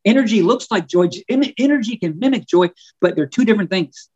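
A man, an author and guest on a podcast, talking in a fervent preaching style, often repeating words and slowing down on key words. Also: sits high, animated, a little mellow, slightly rough, highs cut off. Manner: fervent and emphatic, stretching key words slowly; frequent stumbles and repeated words. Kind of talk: preaching-style conversational talk.

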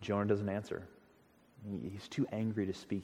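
A man preaching a sermon as a pastor, telling the story with emphatic, expressive delivery and frequent stammered restarts. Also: lowish voice, normal speed, a little hiss or hum. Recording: long hall reverb.

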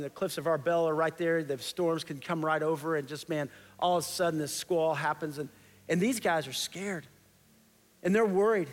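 A man's voice: on the high side, big-room sound. A man preaching a sermon as pastor, conversational and impassioned, repeating key phrases.

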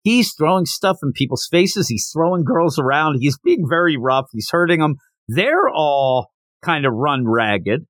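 Male podcast host, casual story recap, lively pitch, dry close-miked sound. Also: a little slow, no echo. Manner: animated storytelling, retells dialogue, laughs. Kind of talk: casual manga chapter recap.

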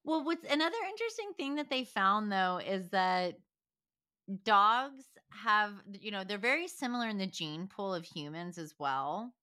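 A woman's voice: medium pitch, lively intonation, moderate pace, bright, forceful tone, clean tone. A woman co-hosting a podcast in casual chat, talking loosely and laughing often as she wanders between thoughts. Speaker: podcast co-host.

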